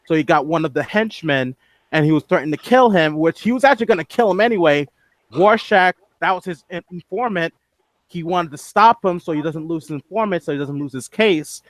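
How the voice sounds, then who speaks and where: A man with a slightly raised pitch earnestly tells how he made an animation, restarting his sentences often as he goes. The mic is close and dry. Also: a little fast, dry recording. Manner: earnest storyteller, frequent restarts. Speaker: guest animator and director. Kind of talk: casual podcast interview.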